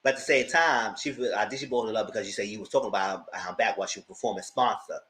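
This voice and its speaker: A man's voice: lowish voice, rapid-fire, a bit bright. A man giving a casual, slangy, gossipy live recap of reality TV shows. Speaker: online TV reviewer.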